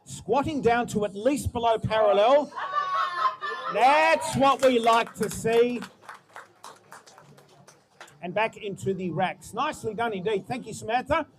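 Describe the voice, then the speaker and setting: A man announcing lifters at a powerlifting competition, chatty and musing aloud between loud cheers for good lifts. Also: very high voice, a little slow, long pauses. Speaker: meet announcer. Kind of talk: live powerlifting commentary.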